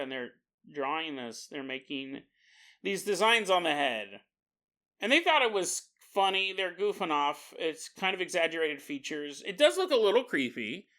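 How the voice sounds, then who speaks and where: A man's voice: on the high side, big pitch swings, normal speed, pushed and bright. A man hosting a podcast, telling a story in a jokey, casual way, acting out quoted voices and laughing often. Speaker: podcast host.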